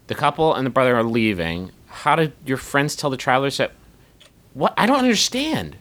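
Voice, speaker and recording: A man's voice: mid-range voice, sing-song, fairly quick, fairly bright tone. A man co-hosting a comedy podcast, talking in an exasperated, rambling way and swearing often. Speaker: podcast co-host. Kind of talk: casual comedic chat.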